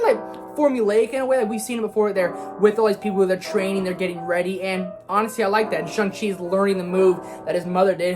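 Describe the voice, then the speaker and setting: A woman giving an excited spoiler movie review in a gushing, casual way, with slang and swearing. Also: mid-range voice. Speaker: film reviewer.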